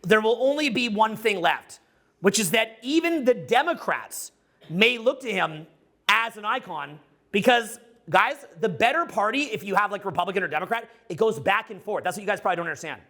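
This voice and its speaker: This middle-aged man coaches social skills to a live crowd in a rambling, profane, casual style, loud and worked up. His voice sits high, moves fairly quickly, and carries vocal fry.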